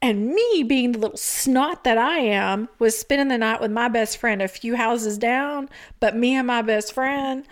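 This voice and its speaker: A woman, co-hosting a podcast and telling stories in a lively, laughing way. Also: a little high, unhurried, few pauses. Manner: animated, laughing often, acts out quotes. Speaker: podcast co-host. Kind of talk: casual storytelling chat.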